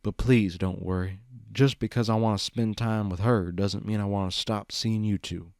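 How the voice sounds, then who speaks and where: A big earnest stallion, voiced by a man reading aloud speaks quietly and sincerely, a little deeper than the narration. The storybook reading is dry and close. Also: fairly even intonation, moderate pace, no room sound, lightly acted. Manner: soft-spoken, sincere.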